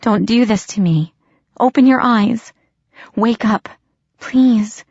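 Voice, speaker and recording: A woman's voice: mid-range voice, expressive, measured pace, vocal fry, a little mellow, breathy edge, no room sound, lo-fi sound, pitched above the performer's own voice, heavily acted. A woman voicing a distraught young woman, her pleas choked and breaking into whispers. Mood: pleading.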